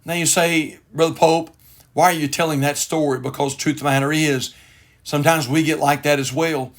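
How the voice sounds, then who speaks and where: A man's voice: a little high, fairly even intonation, normal speed. A man, a pastor hosting a broadcast, preaching in an earnest, repetitive way. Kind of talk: devotional broadcast sermon.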